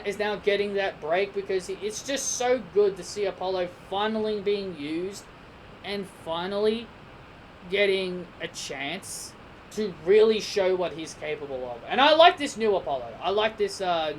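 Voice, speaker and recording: A woman's voice: medium pitch, animated, moderate pace, a little hiss or hum, poor audio. A woman giving a casual spoken review of a wrestling show, rambling and opinionated, with frequent restarts and repeated words.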